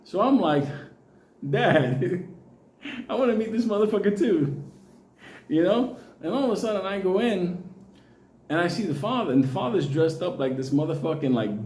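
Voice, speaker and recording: A man's voice: fairly high pitch, mellow, echoey room. A Puerto Rican man telling a long personal story in a casual, profane way, often laughing.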